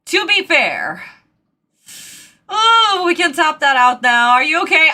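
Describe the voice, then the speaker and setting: A woman hosting a casual reaction video at home, her voice high and bright. She is excitable and exclamatory, slipping into rambling apologies, yet her phrasing is unhurried. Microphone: desk microphone.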